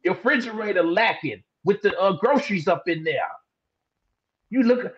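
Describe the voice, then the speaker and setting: A man preaching scripture in an easy, colloquial way on a live stream, stretching words out to make his point. His voice sits high and sounds a bit husky. The audio is dull and lo-fi. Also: lively intonation, normal speed. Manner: colloquial, emphatic, drawls words for stress. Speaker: teacher in a Bible discussion broadcast. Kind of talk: casual preaching in a live streamed Bible discussion.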